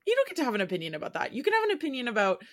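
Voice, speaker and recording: A young adult woman co-hosting a podcast, chatting casually with a friend in a relaxed, lightly sarcastic way. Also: on the high side, racing. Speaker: podcast co-host. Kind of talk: casual chat between friends.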